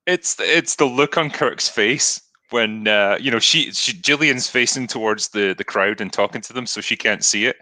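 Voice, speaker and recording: Scottish man, lowish voice, bright forceful tone, casual film chat, dry close sound. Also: moderate pace, hardly any pauses, no echo. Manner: laughs often, acts out quotes. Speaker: podcast host.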